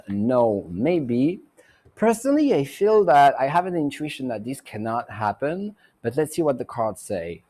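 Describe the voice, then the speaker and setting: Man, psychic host, rambling tarot talk, mellow tone, lots of fillers. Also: mid-range voice. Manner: rambling, many fillers and restarts. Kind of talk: casual tarot reading talk. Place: Mexico.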